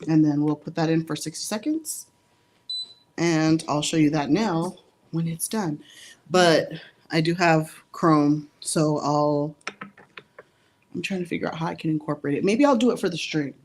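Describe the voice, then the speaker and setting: A woman's voice: sits low, normal speed, a little mellow, a little hiss or hum. A woman giving a casual live-stream nail tutorial, chatty and giggly and a little out of breath. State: slightly out of breath. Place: indoor studio under hot lights.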